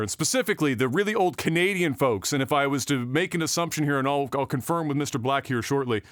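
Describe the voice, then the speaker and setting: A man's voice: mid-range voice, lively intonation, fast, few pauses, a bit bright, dry recording, clean studio sound. Rambling, profane podcast host man. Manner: rambling, profane, with frequent fillers. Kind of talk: casual podcast chat.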